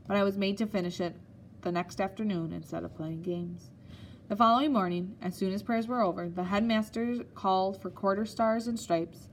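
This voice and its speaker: A woman narrating an audiobook in a steady, measured storytelling manner. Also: on the low side, a little hiss or hum.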